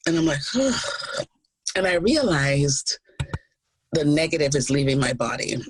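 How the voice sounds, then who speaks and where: A woman co-hosting a podcast in casual chat, telling her stories with animated energy, acting out the people she quotes and laughing often. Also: deep voice, normal speed, a little hiss or hum, poor audio. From Jamaica. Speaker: podcast co-host.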